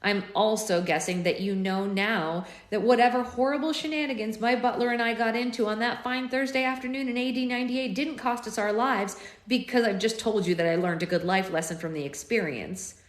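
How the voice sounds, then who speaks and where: Reading aloud live, this woman hosts a book club in a rather high voice and speaks a bit quickly. She's chatty and playful, wandering off on tangents, and the audio sounds roomy and echoey.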